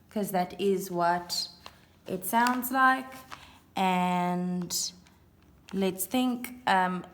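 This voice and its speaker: A woman's voice: mid-range voice, slight background noise. A woman teaching a recorded phonics lesson to young children, sounding out letters and counting spaces aloud. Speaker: primary school teacher.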